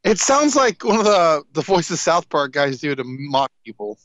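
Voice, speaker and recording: A man's voice: fairly high pitch, sing-song, moderate pace, a bit bright, no echo. A man co-hosting a casual podcast, chiming in with short remarks and sometimes searching for words. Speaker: podcast co-host. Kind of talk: casual chat.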